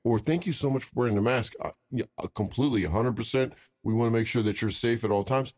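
A man's voice: mid-range voice, fast talker, darkish tone. A man co-hosting a casual talk show, explaining his points in an earnest, emphatic, coaching way. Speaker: podcast co-host. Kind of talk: casual chat.

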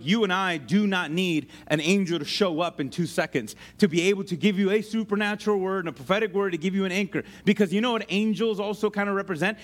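A male pastor delivers a sermon in an animated, conversational way, dropping casual slang and asides to the congregation. His voice sits fairly high and swoops widely in pitch. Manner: conversational, uses slang like "ain't" and "dude".

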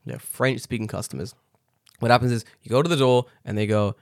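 A man's voice: mid-range voice, fairly quick, vocal fry, no room sound, studio quality. English man telling stories casually. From England. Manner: swearing, animated storytelling with laughs. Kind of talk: casual chat. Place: living in Japan.

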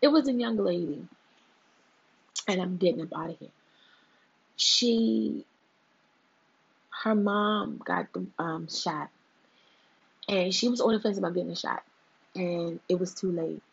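A woman's voice: on the low side, measured pace, gravelly, pauses often, breathy edge, lo-fi sound. A woman hosting her own show in a casual monologue, emphatic and fond of repeating her points for effect.

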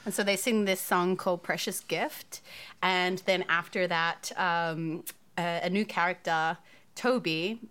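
A woman being interviewed on a podcast as a composer, friendly and a bit halting. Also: on the low side, steady tone, fairly bright tone, clear, resonant tone, no room sound.

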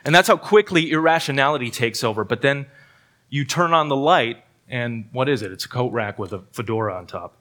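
A man's voice: medium pitch, lively intonation, fairly quick, a bit bright. Earnest preacher man with a middle voice. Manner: earnest, with self-deprecating humor and frequent word repeats. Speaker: pastor. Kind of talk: sermon. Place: church service.

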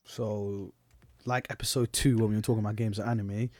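A young man with a London accent hosting a casual podcast chat, playful and excitable, quick to laugh and cut in. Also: on the low side, dry recording, studio quality. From England. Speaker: podcast host.

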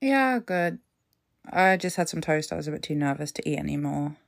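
A woman's voice: a little high, a little slow. Woman playing a nervous young woman. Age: young adult. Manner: hesitant and soft, breaking into panic.

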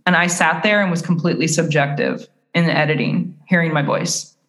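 A woman's voice: deep voice, brisk, fairly bright tone. A woman guest on a podcast, talking casually and thoughtfully, with hesitant restarts and fillers. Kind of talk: casual chat. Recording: echoey room.

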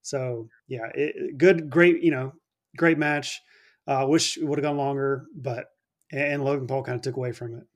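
A man's voice: medium pitch, steady tone, normal speed. A man co-hosting a casual chat, talking in an easygoing, hedging way. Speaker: podcast co-host.

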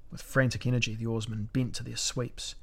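A man narrating a fantasy battle story in a measured, dramatic audiobook reading. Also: mid-range voice, flat delivery, gravelly, slightly rough.

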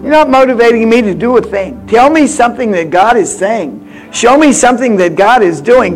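Woman in her 80s, preacher, high voice, loud then hushed, faint music behind. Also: animated, fairly quick. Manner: swings from loud exhortation to hushed confiding. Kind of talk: sermon with personal stories.

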